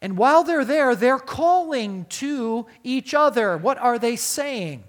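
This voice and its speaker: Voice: mid-range voice, expressive, takes it slowly. Emphatic preacher asking rhetorical questions. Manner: asks the listeners frequent rhetorical questions; emphatic, with wide swings in loudness. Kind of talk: sermon on a Bible passage.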